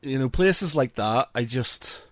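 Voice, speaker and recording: A man's voice: medium pitch, lively intonation, slow pace, no echo. A Northern Irish man in loose, rambling podcast chat. His voice sits in a middle range and is recorded dry and close, with no room sound. He laughs often as he goes. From Northern Ireland. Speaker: podcast co-host.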